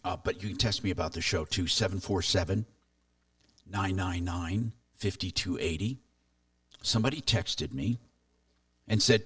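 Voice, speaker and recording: A man's voice: low voice, normal speed, pauses often, no room sound, far from the mic. A man hosting a consumer talk radio show, chatting casually and reading listener texts aloud.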